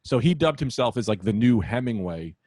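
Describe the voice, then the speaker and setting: A man's voice: medium pitch, sing-song, a little fast, darkish tone, dry recording, studio quality. A man hosting a podcast, telling rambling stories in casual chat and acting out quotes. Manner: rambling storyteller, acts out quotes in voices. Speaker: podcast host.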